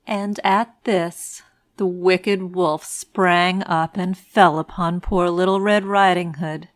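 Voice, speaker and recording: A woman narrating a fairy tale for English learners in a clear, deliberate storybook style. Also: fairly low pitch, steady tone, no room sound.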